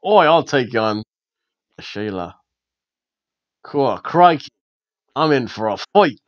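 A man's voice: high-pitched, wildly swooping pitch, fast, husky, dry recording, full character voice. A man voicing a feisty young female wrestler who talks brashly in mock slang. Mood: cocky. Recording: dull, dry lo-fi recording.

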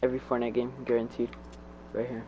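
A man's voice: mid-range voice, monotone, fast talker, highs cut off, background noise. A young man giving casual gameplay commentary while he streams, laughing often and trash-talking playfully. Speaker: gamer streaming his play.

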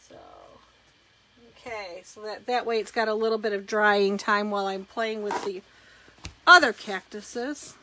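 A woman's voice: mid-range voice, fairly even intonation, a little slow, pushed and bright, a little hiss or hum. A woman hosting a live craft demonstration, chatting casually as she talks through each step of her work.

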